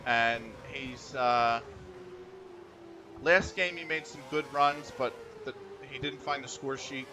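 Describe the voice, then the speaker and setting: A man's voice: mid-range voice, fairly even intonation, slow pace, background noise. A man streaming a racing game, telling rambling stories in a loose, chatty way. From United States. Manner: rambling, chatty storytelling with frequent laughs. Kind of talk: casual chat while gaming.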